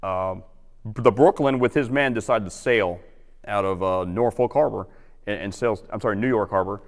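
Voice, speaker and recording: A man's voice: fairly low pitch, moderate pace. Guy lecturing on history in a big hall, chatty, echo hangs around. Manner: acts out quotes in lively voices, chatty. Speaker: guest historian. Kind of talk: informal history talk.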